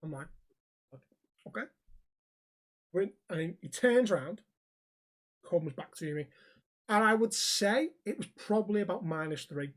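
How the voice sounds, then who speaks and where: A man co-hosting a podcast, telling a story in casual chat, animated and swearing freely. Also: sits high, unhurried, pauses often. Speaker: podcast co-host.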